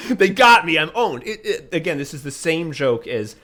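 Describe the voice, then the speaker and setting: A man's voice: on the high side, big pitch swings, moderate pace, pushed and bright. A man co-hosting a casual comedy podcast, retelling scenes eagerly, laughing often and swearing casually. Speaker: podcast co-host.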